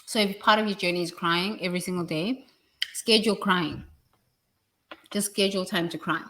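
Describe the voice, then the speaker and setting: Woman, spiritual speaker, slightly low pitch, blunt and emphatic delivery with loud bursts. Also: big pitch swings, normal speed. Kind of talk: spiritual talk to camera.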